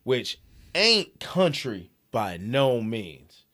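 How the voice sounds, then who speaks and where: A man's voice: medium pitch, extremely slow. A young man from New York City, co-hosting a comedy podcast, telling profane stories with lots of laughter. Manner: animated, laughing, profane storytelling. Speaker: podcast co-host. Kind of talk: casual chat, storytelling.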